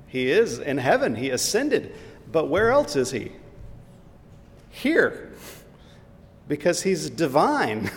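A man preaching a sermon as pastor, asking the listeners questions and pressing his points with emphasis. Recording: hall reverb, faint rumble.

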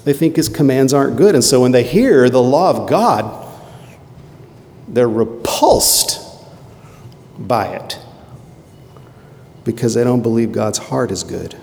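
A man preaching a sermon in a conversational way, with quick asides and emphatic rhetorical questions. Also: mid-range voice, gravelly, a little mellow, slight background noise. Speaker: pastor. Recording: long hall reverb.

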